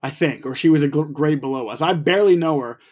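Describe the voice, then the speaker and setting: Talking fast in a fairly high voice, a young man co-hosting a podcast spins a story full of swearing, acting out others' quotes in a lively way.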